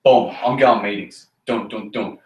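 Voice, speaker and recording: This is a fairly low-pitched male voice, a little slow, belonging to a network marketing team leader. He motivates his team bluntly in a meeting room, cursing freely and repeating points with punchy force, all captured with roomy echo.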